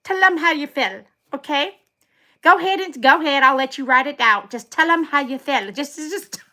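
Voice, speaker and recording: A woman with a high, bright voice clowns through an improvised live skit. She talks unhurriedly, repeating phrases playfully and laughing as she goes. She is a dog groomer hosting her own live stream. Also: measured pace, pauses often. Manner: playful, repetitive, breaks into laughs.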